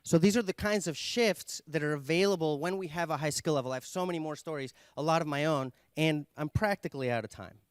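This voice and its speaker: A man giving an earnest conference talk, explaining ideas and telling a story with pauses and fillers. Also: on the high side, clear, resonant tone, no room sound. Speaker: conference speaker.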